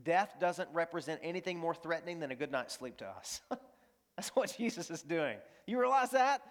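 A man's voice: fairly high pitch, expressive, normal speed. A man preaching a sermon as a pastor. He speaks emphatically and repeats key phrases while he tells stories.

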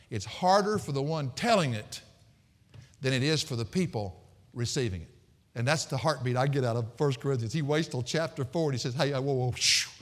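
A man preaching a sermon as pastor, telling folksy stories with frequent laughter and sudden swings from soft to loud. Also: mid-range voice, big-room sound.

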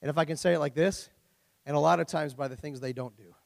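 A man's voice: a little high, fairly even intonation, fast talker, gravelly. A middle-aged man preaching a sermon as pastor, conversational and joking, full of rhetorical questions. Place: church. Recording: long church hall reverb.

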